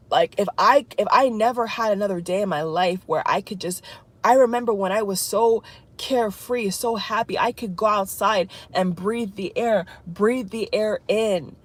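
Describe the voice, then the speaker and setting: A woman talking to her viewers in an emotional spiritual vlog, distraught and tearful, halting and repeating herself. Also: mid-range voice. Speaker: vlogger.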